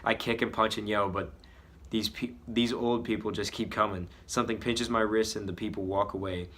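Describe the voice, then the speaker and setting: A man's voice: lowish voice, fairly even intonation, moderate pace, a bit bright. A man reading a story he wrote as a child, joking about the spelling and the drawings as he goes. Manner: mocking his own old writing. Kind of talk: comedic read-aloud with commentary.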